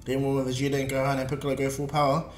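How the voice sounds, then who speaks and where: A man's voice: medium pitch, monotone, racing, reverberant, faint music behind. A man casually narrating a fan-made story in a rambling way, with many fillers and restarts.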